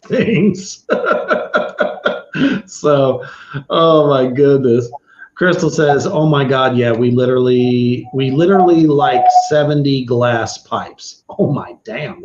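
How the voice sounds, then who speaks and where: A man's voice: medium pitch, background noise. A man hosting a casual livestream, reading viewer comments aloud, swearing freely and laughing often. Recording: roomy, slightly dull sound.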